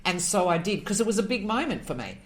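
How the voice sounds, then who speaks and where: A woman, a podcast guest, telling a personal story in an animated, emotional way and acting out the voices in it. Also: medium pitch, fast. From Australia. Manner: emotional, moved near tears.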